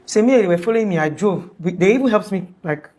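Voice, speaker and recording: Fast-talking Nigerian woman telling a story. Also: mid-range voice. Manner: animated, acts out quoted speech, many restarts. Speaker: guest recounting an event. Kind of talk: conversational storytelling.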